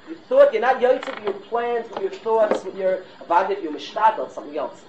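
A middle-aged rabbi gives his class a fiery, exhorting sermon, peppered with Hebrew and Yiddish terms. His voice is high and a little mellow at a moderate pace, recorded in a roomy, dull, noisy lo-fi way.

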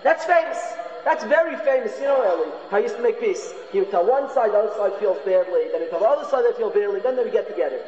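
A man's voice: high-pitched, lively intonation, fast talker, few pauses, a little mellow. A man giving an informal Torah lecture. He is earnest and often repeats his phrases for emphasis. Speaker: Torah class teacher. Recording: echoey hall, dull lo-fi sound.

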